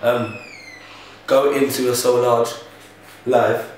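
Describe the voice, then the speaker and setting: A London man asks questions in a loose, slangy, relaxed manner. His mid-pitched voice sits well back from the mic. The room around him is very echoey. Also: slow, a little hiss or hum. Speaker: interviewer. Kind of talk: casual interview chat. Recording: roomy echo from a distant mic.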